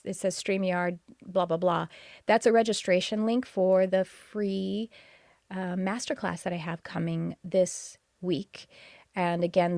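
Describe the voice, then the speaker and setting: A woman's voice: mid-range voice, darkish tone, no room sound, clean studio sound. A woman from Texas with a Texas accent, hosting a live-streamed podcast, greeting viewers and talking about her courses with enthusiasm. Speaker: podcast host.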